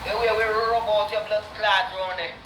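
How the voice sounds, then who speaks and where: A woman's voice: mid-range voice, steady tone, moderate pace, noisy background. Jamaican woman ranting hard, lots of cussing, distant echoey live-stream sound. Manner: cursing, repetitive, heated. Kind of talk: angry insulting rant.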